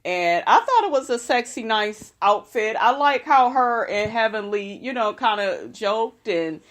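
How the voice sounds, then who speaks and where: A woman's voice: on the high side, expressive, unhurried. A young woman, casually recapping a reality show in a sassy, profane, chatty way.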